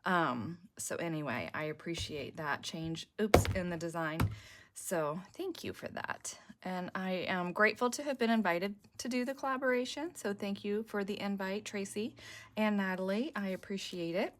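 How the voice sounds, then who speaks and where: A woman's voice: medium pitch, moderate pace. A woman with a sore, cracking throat, chatting and thinking aloud in a rambling way as she explains a crafting project. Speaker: junk journal crafter on a design team. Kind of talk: casual crafting tutorial.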